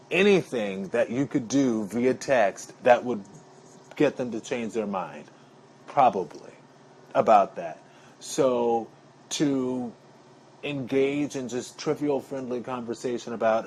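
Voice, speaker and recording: A man's voice: lowish voice, darkish tone, slight background noise. A man talking casually to his viewers in a rambling, chatty monologue, calling them y'all. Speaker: vlogger.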